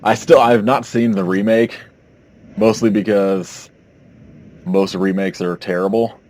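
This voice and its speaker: A man's voice: lowish voice, steady tone, measured pace, a little mellow. A man co-hosting a podcast in casual chat, rambling and hesitant as he recalls things. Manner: rambling, hesitant, full of "like" fillers. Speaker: podcast co-host.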